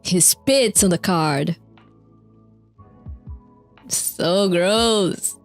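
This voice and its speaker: A young woman on stream drawls her words as she casually goes over concert lore across video clips, rambling with fillers and laughing and cursing often. Her voice sits fairly low, with faint music behind her.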